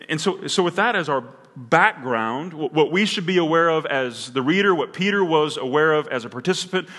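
A man's voice: medium pitch, a bit bright, big-room sound. A man preaching a sermon in a church, earnest and building to emphatic peaks, often restarting his words. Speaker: pastor. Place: church sanctuary.

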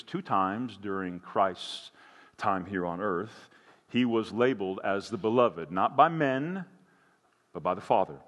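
A man preaching a sermon as pastor, earnest and building to impassioned emphasis. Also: fairly low pitch. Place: church sanctuary. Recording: long hall reverb.

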